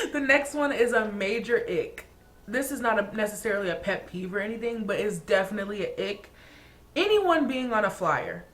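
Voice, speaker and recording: A woman's voice: medium pitch, animated, normal speed, a bit bright. A young woman from Atlanta, Georgia, vlogging in a casual, chatty way, ranting about things that annoy her, full of laughs and filler words. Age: young adult. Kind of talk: casual chat.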